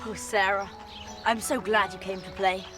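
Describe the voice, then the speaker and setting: A woman's voice: mid-range voice, fairly even intonation, moderate pace, over music, lightly acted. A woman voicing a pompous, upper-class twelve-year-old boy with a plummy, theatrical manner. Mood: gushing.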